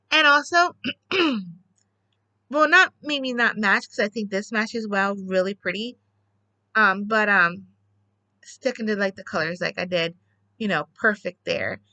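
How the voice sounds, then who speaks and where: A woman's voice: medium pitch, pushed and bright, no echo. A woman chatting casually to the camera at home, rambling with lots of fillers and restarts. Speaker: crafter vlogging.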